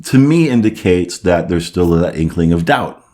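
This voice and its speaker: A man with a lowish voice talks through viewer questions in a relaxed coaching style. He reassures his listeners and keeps checking in with "okay?" and "you see". Now and then he mimics a nervous, doubting inner voice. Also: normal speed. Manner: acts out doubtful inner chatter. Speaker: host answering viewer comments. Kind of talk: casual coaching talk.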